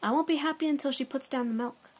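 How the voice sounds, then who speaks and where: A woman's voice: sits high, fast, pitched above the performer's own voice, close to an everyday voice. Fields: Figure: grumbling male house cat, as a woman reader puts him on. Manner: muttering, grumbling.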